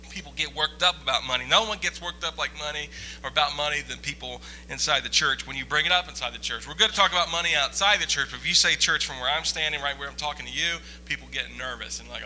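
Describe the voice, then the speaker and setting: A man's voice: on the high side, quick pace, bright, forceful tone, a little hiss or hum, rough recording. A man preaching a sermon as pastor, conversational and joking with the congregation. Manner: joking, conversational, audience-teasing.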